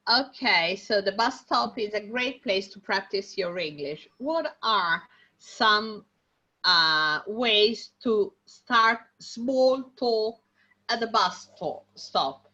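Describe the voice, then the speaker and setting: Woman teacher, unhurried, hesitant delivery, dull lo-fi video-call audio. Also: medium pitch, fairly bright tone. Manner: slow, hesitant, many fillers. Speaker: English teacher. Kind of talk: online class explanation.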